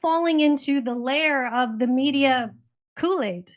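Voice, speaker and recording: A woman's voice: high-pitched, measured pace. A middle-aged woman from Canada talks politics in casual chat, rambling and emphatic, and she sounds indignant. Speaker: guest commentator.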